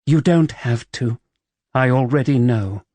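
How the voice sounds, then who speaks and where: A woman's voice: very deep voice, a little slow, mellow, dry recording. A man voicing a proud, wary young widow who works as a paid companion, speaking tensely and defensively in an audiobook.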